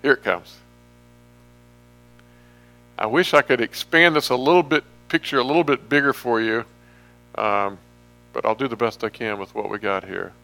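A man's voice: medium pitch, normal speed, gravelly, long pauses, pushed and bright. A man giving a casual sermon from slides, chatty and joking, drifting off topic now and then. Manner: chatty, jokey, wanders off topic. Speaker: pastor.

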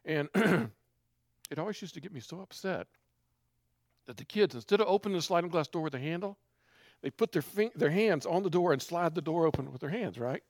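A man's voice: fairly high pitch, expressive, a little fast, no echo, clean studio sound. A middle-aged man telling a personal testimony in an earnest, confessional, conversational way. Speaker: speaker giving a personal testimony.

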